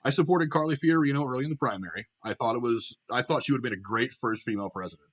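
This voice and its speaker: Speaking rapid-fire in a medium-pitched, fairly bright but husky voice, a young Ohio man rants on his own political show over dull-sounding audio. His casual opinions come out blunt, heated, and full of profanity, with frequent restarts.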